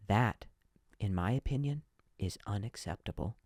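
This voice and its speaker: A man's voice: lowish voice, lively intonation, a little slow, darkish tone, no echo, clean studio sound. A man hosting a comedy podcast, telling stories in a monologue, with a stutter and frequent repeated words and restarts.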